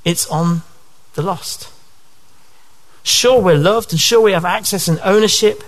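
A man's voice: sits high, unhurried. A male preacher giving a sermon to his church in an earnest way, often posing rhetorical questions.

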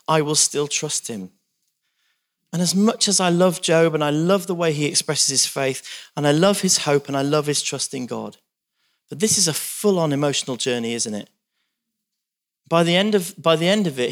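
A man's voice: on the high side, expressive, moderate pace. A man preaching a sermon, reading scripture aloud with dramatic emphasis and talking to the congregation.

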